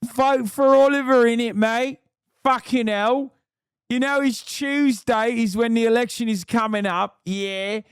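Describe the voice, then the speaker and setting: A man doing a high, exaggerated British accent as a rowdy, swearing young British man. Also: steady tone, unhurried, clean tone, no room sound, studio quality. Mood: rowdy, teasing. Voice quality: high, shouty.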